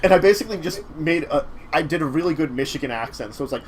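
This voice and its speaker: A man's voice: fairly high pitch, expressive, slight background noise. A man hosting a casual talk show, rambling through a game master's recap with frequent restarts. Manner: rambling, halting with fillers and restarts. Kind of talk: casual chat recapping games.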